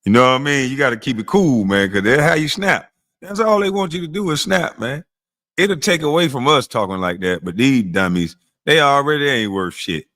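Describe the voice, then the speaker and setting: A male streamer smokes on a casual livestream while trash-talking and roasting his viewers' chat. His heckles come out high, but he turns slow and low as he calms.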